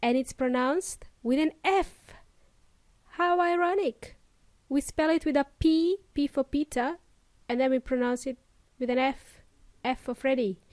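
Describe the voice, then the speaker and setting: A woman hosting a podcast lesson for English learners, speaking with a slow, careful and emphatic teaching delivery. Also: sits high, steady tone, darkish tone, dry recording.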